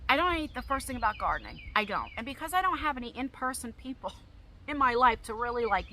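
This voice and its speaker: A woman's voice: on the high side, very animated, fast, bright, forceful tone, slight background noise. A woman vlogger answering viewer questions in a casual, rambling chat full of fillers. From New Jersey, US. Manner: chatty, rambling, frequent fillers. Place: at home.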